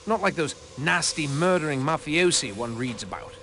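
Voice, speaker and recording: A gentle, nervous passenger in an adventure game, speaking high and lilting. He gets flustered easily, stopping and restarting his sentences. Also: animated, normal speed, a little hiss or hum. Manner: flustered, trailing off. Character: nervous, gentle man who shares a compartment and works with a friend. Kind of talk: voice acting in a video game.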